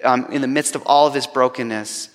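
A man's voice: mid-range voice, fairly even intonation, a little fast, long reverb tail. A man preaching a sermon, retelling a story with humor and then turning earnest. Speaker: pastor.

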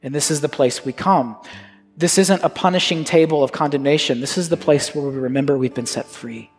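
An earnest male pastor preaches and prays in a church sanctuary, his voice trailing into a long hall reverb. Soft guitar plays under him. He swings from raised, emphatic lines to hushed, prayerful ones. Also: on the high side, brisk. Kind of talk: sermon and communion liturgy.

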